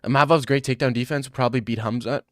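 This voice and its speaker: A sarcastic male streamer answers his chat in a mocking, offhand way. His voice has a middle pitch and a dry, close sound. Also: steady tone, quick pace, dry recording. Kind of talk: casual livestream chat.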